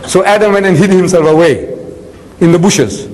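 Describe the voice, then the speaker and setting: An older man gives a religious lecture to an audience, telling stories with humour and acting out the dialogue. His voice is high-pitched at normal speed, and the hall lends a long reverb.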